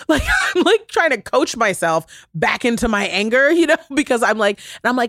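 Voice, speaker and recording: A woman hosts a podcast, sharing personal stories in a casual, heartfelt chat full of laughter. She's an animated, gushing storyteller who briefly gets choked up, speaking briskly at medium pitch in clean studio sound with no room sound.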